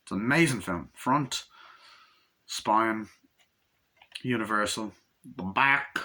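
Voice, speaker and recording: A man's voice: on the low side, slow pace, bright, forceful tone. A man giving a rambling, casual film review at home, acting out lines from the movie with plenty of swearing.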